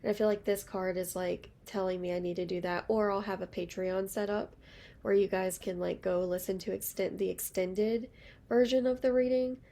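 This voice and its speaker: A woman's voice: mid-range voice, fairly even intonation, normal speed, vocal fry, dark tone. A young woman giving a casual, rambling tarot reading to her viewers. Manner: chatty, rambling, lots of fillers. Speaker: tarot reader.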